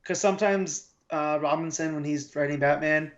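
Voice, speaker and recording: A relaxed, agreeable man chatting on a comics podcast and often chiming in with short agreements. His voice is fairly high for a man. The sound is slightly dull and lo-fi. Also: moderate pace. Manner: relaxed, agreeable, lots of backchannel "mm-hmm". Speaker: podcast co-host. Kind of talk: casual comics podcast chat.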